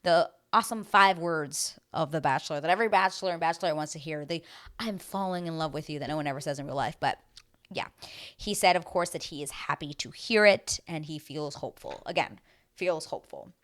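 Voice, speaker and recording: A young woman with a low voice talks through a reality show recap in a loose, rambling way. Her speech is full of "like" and "um", and she stops to hunt for words. It sounds like casual commentary from a video host. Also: a little fast, a bit bright. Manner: chatty, rambling, many fillers like "like" and "um".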